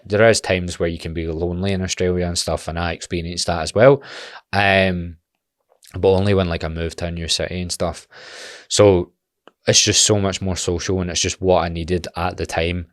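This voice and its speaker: A man's voice: low voice, no room sound, clean studio sound. A Scottish man in his twenties talking bluntly and animatedly in a casual podcast monologue, swearing freely. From Scotland. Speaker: podcast host.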